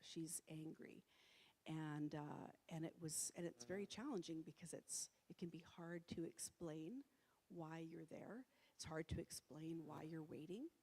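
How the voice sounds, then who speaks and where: Woman, middle-aged, presenter, chatty with ums and restarts, low voice, long hall echo. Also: moderate pace, dark tone, breathy edge. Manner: conversational, with many fillers and restarts. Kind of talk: public talk. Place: church hall. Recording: reverberant hall.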